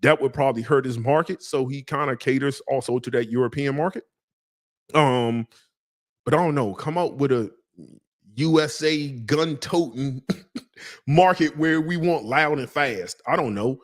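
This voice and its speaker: Male fragrance reviewer, loose slangy delivery, jokey tangents, middle pitch. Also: a little slow. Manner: slangy, joking, rambling. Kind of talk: casual live review.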